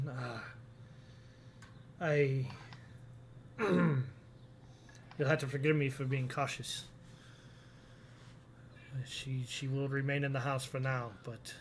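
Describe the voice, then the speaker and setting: A man's voice: mid-range voice, a little hiss or hum. Guy doing a tired careful nobleman, formal, kinda sighing. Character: weary young nobleman guarding his home.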